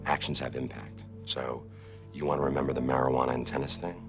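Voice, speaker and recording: A man's voice: a bass voice, level tone, fast talker, music in the background. An actor playing a petty, resentful male lawyer who speaks bitterly and coldly. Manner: bitter and cold. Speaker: law firm partner. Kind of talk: TV drama acting.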